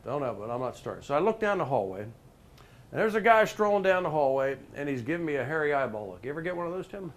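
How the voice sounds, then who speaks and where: A middle-aged man spinning a workplace story for a live crowd, his voice pitched slightly high. He jumps between big, loud moments and low, confiding asides, and keeps pulling listeners in with questions by name. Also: sing-song, quick pace. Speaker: professional motivational speaker. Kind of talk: storytelling talk to a live group.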